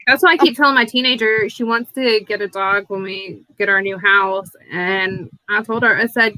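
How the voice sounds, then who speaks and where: A woman with a Southern US accent hosting a casual live chat, telling stories in a chatty, animated way and laughing often. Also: medium pitch, moderate pace, hardly any pauses, no echo, low-quality recording. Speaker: host of a live chat stream.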